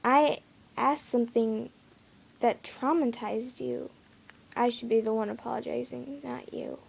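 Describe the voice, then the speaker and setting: A playful, teasing male creature, voiced by a woman reading aloud, here speaking gently. The voice sits a little high and moves slowly, with a gravelly edge. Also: steady tone, full character voice. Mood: gentle.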